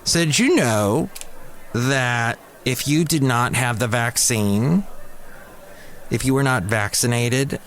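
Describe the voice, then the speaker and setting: A man hosting a casual solo podcast, rambling and exasperated, now and then mimicking other people in a high squeaky voice. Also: slow, a bit bright. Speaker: podcast host. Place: cafe.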